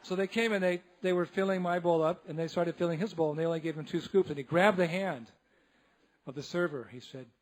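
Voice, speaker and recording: A man, a monk, giving a humorous storytelling lecture in a temple, animated and laughing often as he acts out the people in his tale. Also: on the high side, a little fast. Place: temple hall.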